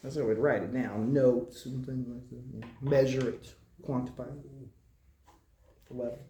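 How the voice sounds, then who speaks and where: A man's voice: medium pitch, steady tone, vocal fry, dark tone, reverberant, slight background noise. A man serving as a hospital chaplain, giving an informal, conversational message to a congregation, with frequent restarts and repeated phrases. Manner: halting, conversational storytelling with frequent restarts and repetitions. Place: meetinghouse worship room.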